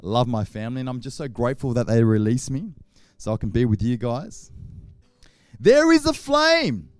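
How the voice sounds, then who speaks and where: A man's voice: medium pitch, quick pace, warm tone, dry recording. An Australian man, a pastor, tells humorous stories in a sermon, acting out scenes with sound effects.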